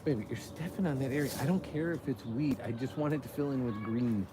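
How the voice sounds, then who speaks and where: Joking dad chatting outdoors by a fire. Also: male voice, medium pitch, fast talker, noisy background. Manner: joking, laughs often, reads chat aloud. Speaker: livestream host, father. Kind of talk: casual live chat with viewers. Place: outdoors by a backyard fire at night.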